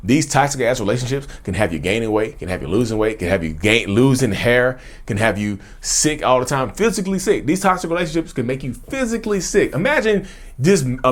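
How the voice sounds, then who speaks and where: A man at a middle pitch hosts his own mental health channel, speaking straight to the viewer. He repeats his questions, often says "y'all," and slows right down when he asks them. His delivery swings between calm and lively. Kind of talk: direct-to-camera talk.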